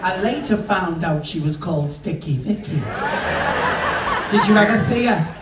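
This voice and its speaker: Sweary male comedian, high voice. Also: animated, moderate pace. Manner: bawdy, sweary, chatty storytelling to the crowd. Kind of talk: stand-up comedy. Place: cruise ship venue. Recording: echoey room, distant mic, noisy.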